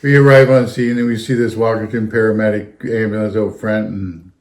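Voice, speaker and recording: A man's voice: on the low side, level tone, brisk, a little mellow. A man, a retired fire captain telling a rambling anecdote in casual chat. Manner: rambling, anecdotal, keeps circling back with "anyhow". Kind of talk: casual storytelling.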